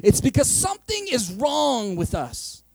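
High-voiced pastor preaching conversationally. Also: male voice, sing-song, measured pace, gravelly, a little mellow, no echo. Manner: conversational and joking, acting out voices of listeners. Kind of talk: sermon.

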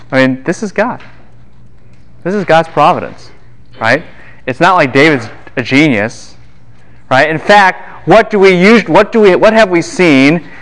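A man giving a Bible lecture to a class, animated and quick to fire questions at his students. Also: on the high side.

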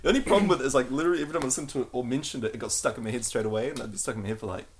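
A man's voice: medium pitch, very fast. A man hosting a casual podcast, who swears freely, laughs often and tells stories with energy. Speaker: podcast host.

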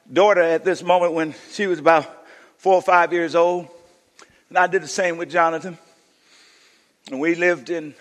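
A male pastor preaching a sermon, telling a story, then swinging from shouts to hushed intensity. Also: fairly high pitch, in a large hall.

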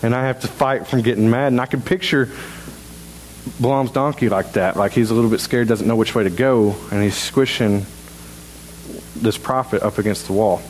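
A man preaching a sermon in a church in a halting, conversational way, full of restarts. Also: mid-range voice, a little hiss or hum, poor audio. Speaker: pastor. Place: church sanctuary.

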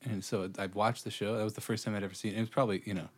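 Husky-voiced joking young man. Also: fairly low pitch, steady tone, racing. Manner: joking interjections. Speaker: podcast co-host. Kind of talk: casual chat.

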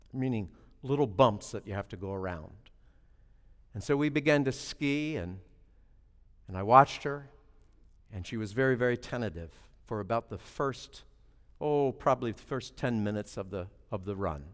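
A male preacher telling a story in a sermon with a lively, rising and falling pitch. He swings from loud emphasis to hushed asides and often stumbles over repeated words. Long reverb trails his voice around a large hall.

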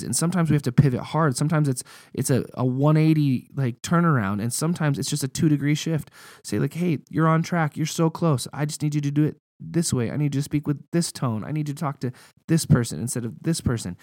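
A man's voice: mid-range voice, lively intonation, a little fast, a little mellow, dry recording. A young man preaching a sermon in a casual, conversational way, telling personal stories.

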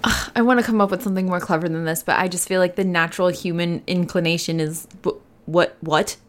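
Player, woman, low voice, casual, thinking aloud. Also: steady tone, fast talker. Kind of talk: playing a tabletop game.

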